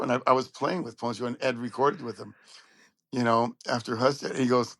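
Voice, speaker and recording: A man's voice: medium pitch, normal speed, dry recording. Storytelling man, dry close sound. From Long Beach, California. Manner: animated anecdotes, acts out quoted voices. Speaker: guest trumpet player. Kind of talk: casual storytelling interview.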